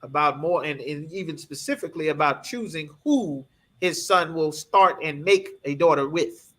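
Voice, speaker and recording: A man preaching through a scripture lesson, emphatic and constantly checking that his listeners follow. His voice sits high for a man, bright and forceful. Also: normal speed. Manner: emphatic, keeps asking "you understand?". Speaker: scripture class teacher.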